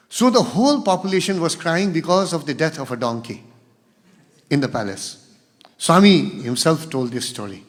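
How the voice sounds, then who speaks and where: A man's voice: fairly high pitch, animated, normal speed. A man giving a spiritual talk as guest speaker, telling stories and acting out the quoted dialogue. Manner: storytelling, acts out quoted dialogue. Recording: long hall reverb.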